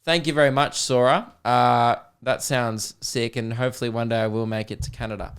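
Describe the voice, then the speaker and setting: An Australian man in his younger years hosts a casual comedy podcast. He reads listener messages aloud and riffs on them with dry, sarcastic jokes. His voice sits at an ordinary middle pitch for a man. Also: fairly even intonation, brisk, clear, resonant tone. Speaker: podcast host.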